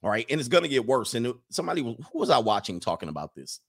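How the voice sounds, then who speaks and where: A man's voice: medium pitch, big pitch swings, quick pace, vocal fry, slightly rough. An American man ranting casually and comically to his stream viewers, preaching and reading out their comments. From United States. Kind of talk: casual comedic rant to viewers.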